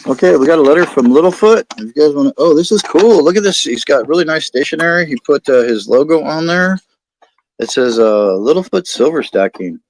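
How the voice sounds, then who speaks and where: A man's voice: a little high, lively intonation, fairly quick, a little hiss or hum. A man with an American accent hosting a casual livestream chat, rambling and reading viewer comments aloud. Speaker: livestream host.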